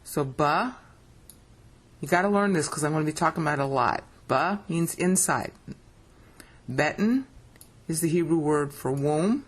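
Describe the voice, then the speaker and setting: A woman's voice: low-pitched, expressive, moderate pace, pauses often. A woman giving a screen-share scripture lesson, explaining step by step with emphasis and often checking that the listener follows. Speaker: Bible teacher.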